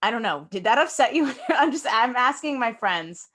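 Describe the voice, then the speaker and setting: A young woman co-hosting a podcast in casual chat, excitable, swearing and laughing often. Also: a little high, moderate pace. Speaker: podcast co-host.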